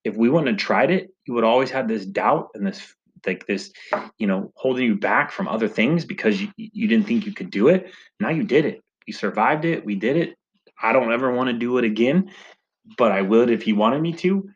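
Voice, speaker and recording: A man's voice: medium pitch, lively intonation, normal speed. A man, a father who coaches salespeople, telling a personal story in a casual, conversational way, often tagging "right?" and "you know". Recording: dull lo-fi sound.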